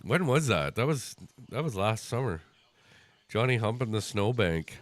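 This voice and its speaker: A man's voice: on the low side, sing-song, unhurried, no room sound. A man hosting a casual livestream and chatting while he watches a hockey game, telling crude stories with a joking manner. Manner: joking, tells crude stories, laughs often. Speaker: livestream host.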